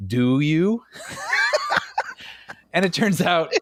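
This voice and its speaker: A man co-hosting a film podcast in casual chat, animated and laughing often as he talks, on a close studio mic. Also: high voice, takes it slowly, no echo. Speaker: podcast co-host.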